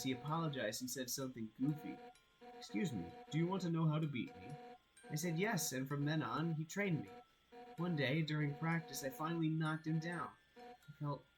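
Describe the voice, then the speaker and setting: A man reading a game aloud while voicing a brash, hot-headed female fish warrior captain in a loud, blunt way. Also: a little high, lightly acted, low-quality recording. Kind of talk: reading game dialogue aloud on a live stream.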